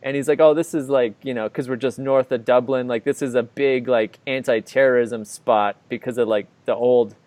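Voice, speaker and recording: A man tells a long story on a casual podcast, rambling and leaning on "like" in nearly every phrase. His voice sits at a middling pitch. The recording is dry and close, with no room echo. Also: steady tone, normal speed, hardly any pauses, a little mellow. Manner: rambling, filler-heavy, full of "like". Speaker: podcast co-host. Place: living abroad in Ireland, recording indoors.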